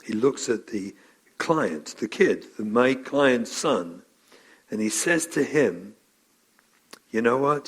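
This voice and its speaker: A man's voice: mid-range voice, takes it slowly, long pauses, husky. A middle-aged man, a rabbi and parenting educator, gives a live training lecture, telling stories with acted-out quotes and Yiddish and Hebrew terms. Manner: animated storytelling, acts out quotes, mixes Yiddish and Hebrew terms.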